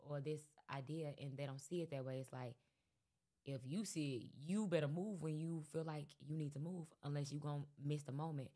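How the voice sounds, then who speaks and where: A woman with a notably low voice, chatting in an easy, casual way. She rambles and pads her sentences with fillers as she goes. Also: brisk. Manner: relaxed, rambling with many fillers. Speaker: guest rapper. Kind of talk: casual interview chat.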